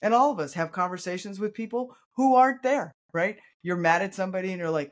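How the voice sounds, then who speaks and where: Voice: medium pitch, lively intonation, fast, hardly any pauses. A life coach guest on a podcast, explaining in an earnest, easygoing way, often quoting clients and checking in with "right?". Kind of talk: conversational interview.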